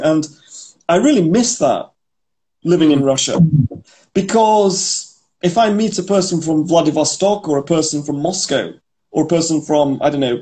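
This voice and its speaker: A man talks casually on a podcast, telling stories and explaining words along the way. His voice sits a little high for a man, with a mellow, unhurried tone. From England (Manchester). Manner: chatty, storytelling, explains idioms. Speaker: podcast co-host. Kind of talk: casual chat.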